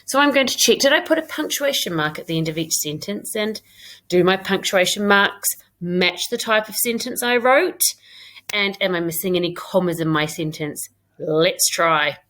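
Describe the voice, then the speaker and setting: A British woman with a lowish, fairly bright voice speaks at a normal speed. She's a primary school teacher recording an English lesson for young pupils, reading her own writing aloud and explaining it step by step.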